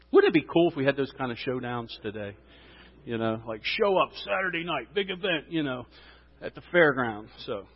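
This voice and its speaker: A man preaching a sermon in church, telling a story with lively, rising exclamations. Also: medium pitch. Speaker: pastor. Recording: dull sound, long hall reverb.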